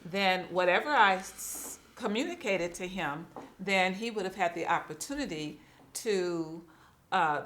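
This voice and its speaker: Halting middle-aged woman pastor. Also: fairly low pitch, animated, fairly bright tone. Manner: halting, self-correcting, laughing often. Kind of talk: casual chat.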